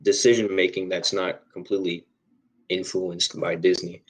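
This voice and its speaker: A man's voice: low-pitched, little pitch movement, normal speed, rough recording. A young man cohosting a casual podcast, speaking hesitantly with many fillers. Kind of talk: casual chat.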